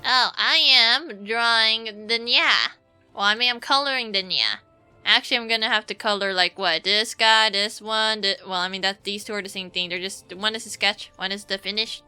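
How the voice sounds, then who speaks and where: A woman's voice: medium pitch, normal speed, bright, forceful tone, clean tone. A young woman streamer chatting casually while she draws, rambling with self-mocking asides, over faint background music. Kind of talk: casual livestream chat while drawing.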